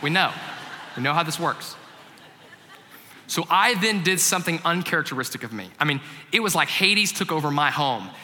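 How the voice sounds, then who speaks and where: A man in his thirties, a family pastor, preaching a sermon with humorous stories and animated delivery that drops into hushed reflection. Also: fairly high pitch, normal speed, slight background noise. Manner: animated, shifts from loud comic storytelling to hushed reflection. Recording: long hall reverb.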